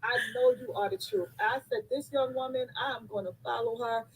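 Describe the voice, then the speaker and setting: A woman's voice: fairly high pitch, fairly even intonation, fairly quick, slight background noise, rough recording. A woman in her fifties on a live call, tearful and effusive, thanking the host over and over. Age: 50s. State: crying. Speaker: caller on a live stream.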